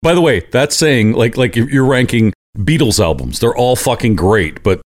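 A man's voice: mid-range voice, expressive, moderate pace. A man with a Canadian accent co-hosting a podcast, chatting casually, joking and swearing. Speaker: podcast co-host. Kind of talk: casual chat.

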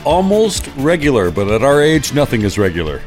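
Animated, ranting Canadian man. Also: mid-range voice, fairly quick, music in the background. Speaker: podcast co-host. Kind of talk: casual podcast chat.

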